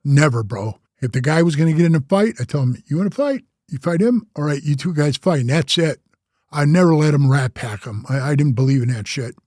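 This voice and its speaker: A man's voice: on the high side, fairly quick, dry recording, clean studio sound. An older man and former biker club president, telling his life story in casual talk and acting out the other people in it. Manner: animated storyteller, acts out other voices, says bro a lot.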